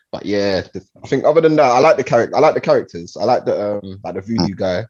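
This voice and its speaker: A man with a low, slightly husky voice chats on a podcast. The audio is muffled and lo-fi. He tells his stories in a laid-back, casual way. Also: expressive, fast talker, few pauses, darkish tone. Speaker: podcast co-host. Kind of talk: casual chat.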